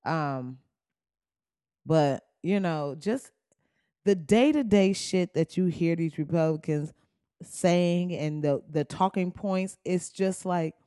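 A man hosting a casual comedic talk show, profane and animated, often slipping into quoted voices. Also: fairly high pitch, takes it slowly, clean tone, no echo, studio quality.

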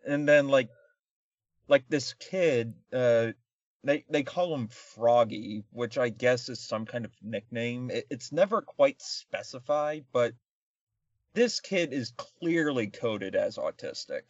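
A man's voice: medium pitch, expressive, slow pace, no room sound, muffled recording. A man co-hosting a casual comedic film review podcast, rambling and sarcastic with lots of fillers. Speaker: podcast co-host.

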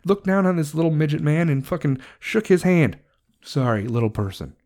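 Brief: furious man ranting, swearing nonstop, dark mellow tone. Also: fairly high pitch, lively intonation, normal speed, creaky. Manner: profane, shouting insults, heated. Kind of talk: angry political rant.

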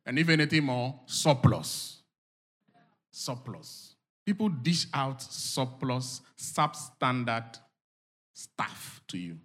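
A man preaching to a congregation alternates between low murmurs and loud shouted urging, performing quoted inner voices as he goes.

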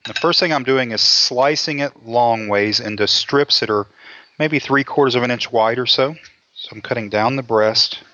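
A man's voice: medium pitch, pushed and bright. A man hosting a cooking show, joking in a folksy way and talking through each step. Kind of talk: casual cooking show chat. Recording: dull lo-fi dry sound.

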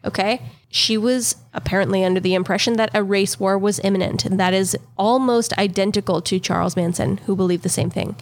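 A woman co-hosting a podcast, telling a true-crime story in a casual, steady way and laughing off interruptions. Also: medium pitch, fairly quick.

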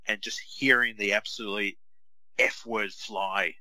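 A man co-hosting a podcast in casual chat, telling animated stories and acting out other players in raised voices. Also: lowish voice, a little slow, no echo, poor audio. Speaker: podcast co-host.

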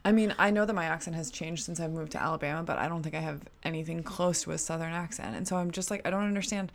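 A woman's voice: deep voice, fairly even intonation, fast, vocal fry. A woman from Canada chatting casually as a podcast co-host, reflective and thinking aloud. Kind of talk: casual chat.

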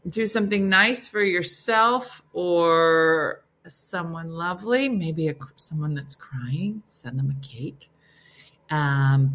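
A woman's voice: fairly low pitch, pushed and bright. A woman hosting a casual livestream, chatting and reading viewer comments aloud, chatty and self-deprecating with frequent laughs. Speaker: livestream host.

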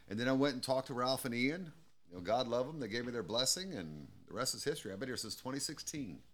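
A man's voice: mid-range voice, animated, brisk, a bit bright. A man hosting a podcast and chatting casually, swearing freely and laughing often as he tells stories. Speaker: podcast host and radio DJ. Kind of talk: casual chat.

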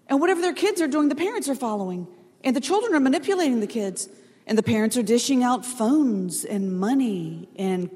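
A woman's voice: on the high side, a little mellow. A middle-aged woman speaking earnestly and directly to parents in a sermon. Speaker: pastor's wife. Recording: long hall reverb, faint crowd.

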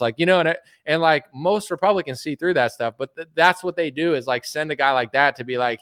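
A man's voice: on the high side, brisk, few pauses, fairly bright tone, no room sound. Rambling man mocking politicians, dry close sound. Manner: rambling, filler-heavy, mocking impressions of politicians. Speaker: commentary streamer. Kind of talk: casual political commentary rant.

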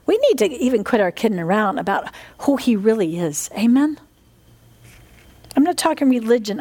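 A woman's voice: fairly high pitch, moderate pace. A middle-aged woman preaching a fervent sermon, often asking her listeners for an "Amen". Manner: fervent, animated, asks the congregation "Amen?".

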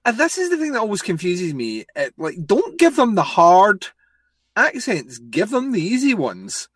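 A man co-hosting a casual movie podcast, animated and enthusiastic, swearing casually. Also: sits high, normal speed, dry recording. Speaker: podcast co-host. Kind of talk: casual movie review chat.

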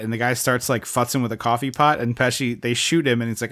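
A man's voice: mid-range voice, fairly even intonation, fast, few pauses, a bit bright. Chatty male podcast co-host. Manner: enthusiastic, acts out quoted lines. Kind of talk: casual movie discussion.

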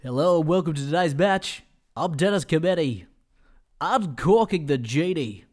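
A man doing an impression of an excitable male football commentator, in a loud, high voice. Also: normal speed. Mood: excited. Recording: loud music and crowd behind.

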